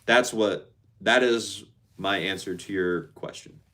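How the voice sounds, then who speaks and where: A man's voice: on the low side, takes it slowly, pushed and bright. A man casually chatting on a live stream, reading out viewer comments and answering them in a laid-back, slangy way.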